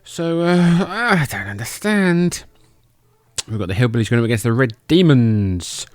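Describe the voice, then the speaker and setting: A man's voice: mid-range voice, big pitch swings, unhurried, a little mellow, dry recording. A podcast host, a man, casually calling old wrestling matches in a loose, joking and profane way. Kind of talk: casual play-by-play commentary over old footage.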